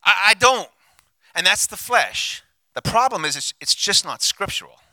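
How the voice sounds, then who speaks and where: A male pastor preaching a sermon on a handheld mic, passionate, swinging from hushed, intimate lines to loud declarations. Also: high-pitched, big pitch swings, moderate pace, dry recording.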